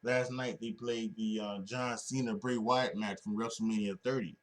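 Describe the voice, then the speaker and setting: A man's voice: fairly low pitch, steady tone, moderate pace. A man hosting a solo wrestling podcast, talking casually and rambling with many restarts and fillers. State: sleepy, yawning.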